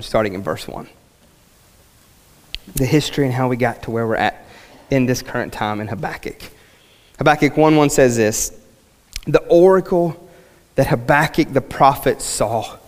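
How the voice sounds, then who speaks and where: A man preaching a sermon in a church with passion, swinging between loud and hushed and often saying "I mean.". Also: mid-range voice. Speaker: pastor. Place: church sanctuary. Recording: long reverb of a church hall.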